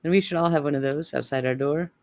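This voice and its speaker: A woman guest in a casual online chat, soft-spoken and giggly. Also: deep voice, fast. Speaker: guest co-host.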